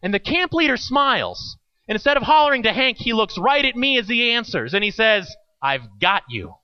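A man's voice: extremely high pitch, lively intonation, a little fast, muffled recording. A man preaching an earnest sermon and telling a personal story with drama. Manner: earnest, dramatic storytelling, acts out the people in his stories. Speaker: pastor.

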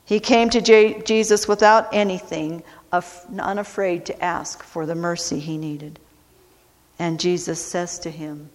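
Her voice lowish and her intonation fairly level, a woman gives a sermon with deliberate slowness, savoring each phrase. She emphasizes by repeating important words, and a long hall reverb carries her voice away.

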